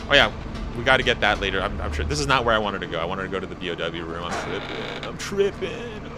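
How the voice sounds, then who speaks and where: A man in his thirties doing casual live gaming commentary as a streamer. He is excitable and slangy and often restarts his sentences. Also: deep voice, rapid-fire. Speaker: game streamer. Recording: steady background noise.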